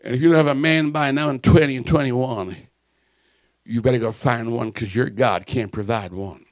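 A male preacher in a church delivering a fiery sermon on microphone, shouting emphatic lines and telling stories with playful asides. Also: mid-range voice, normal speed, dry recording.

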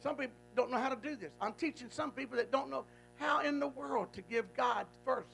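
Gravelly high-voiced preacher. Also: male voice, brisk, bright, forceful tone, faint music behind, low-quality recording. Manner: folksy, emphatic, repetitive. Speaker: guest preacher. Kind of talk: call-and-response sermon.

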